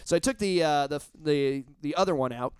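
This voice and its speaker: A man casually telling a story on a podcast, animated and profane, acting out the quotes. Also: fairly high pitch, a little fast, clean tone, no room sound, clean studio sound. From lives in Los Angeles area.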